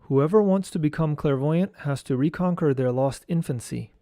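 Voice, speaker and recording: A man teaching esoteric studies, reading a lecture text aloud in a slow, measured way and chanting mantra syllables. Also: fairly high pitch, mellow, no room sound, studio quality.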